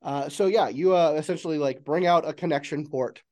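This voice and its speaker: A man's voice: a little high, brisk, darkish tone. A man running a tabletop game as game master, narrating loosely with many fillers.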